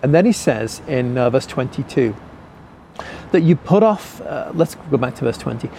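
A middle-aged man, preaching a sermon earnestly and slowing down to stress key words. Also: mid-range voice, expressive, gravelly, warm tone, slight background noise. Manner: earnest, repeats key phrases slowly for emphasis. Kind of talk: sermon teaching.

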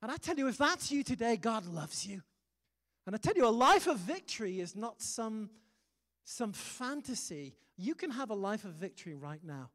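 A man's voice: high-pitched, very animated, moderate pace, fairly bright tone. A British man preaching a sermon, emphatic and humorous, with sudden punchy exclamations. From Britain. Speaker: pastor. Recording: long hall reverb.

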